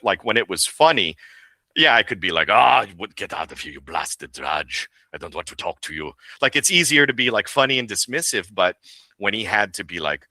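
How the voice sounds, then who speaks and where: A man in his role as voice actor and director talks through his craft in a casual interview. His voice sits very low yet comes across bright and forceful. He is animated and laughs easily, and the close mic keeps the sound dry. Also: dry recording.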